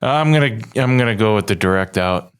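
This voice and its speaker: Animated, rambling male co-host. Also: lowish voice, brisk, clear, resonant tone. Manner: rambling, playful, loses his thread. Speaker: podcast co-host. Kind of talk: casual podcast chat.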